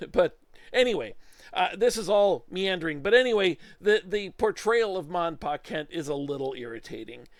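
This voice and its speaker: A man's voice: high voice, sing-song, moderate pace, no echo, clean studio sound. Chatty middle-aged man reviewing a movie. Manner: meandering, chatty, with frequent fillers and restarts. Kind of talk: casual opinion monologue. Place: home studio.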